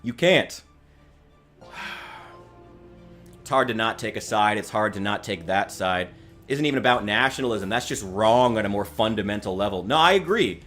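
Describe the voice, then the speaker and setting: A man's voice: lowish voice, lively intonation, normal speed, pauses often, a bit bright, faint music behind. A man giving rambling casual commentary on a stream, angry and swearing, often stopping to restart his sentences. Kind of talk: casual commentary reacting to news.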